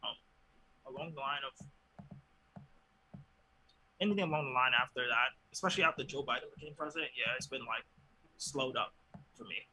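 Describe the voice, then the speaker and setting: A man co-hosting a podcast in casual chat, joking and animated, with halting restarts. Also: mid-range voice, slight background noise, low-quality recording. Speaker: podcast co-host.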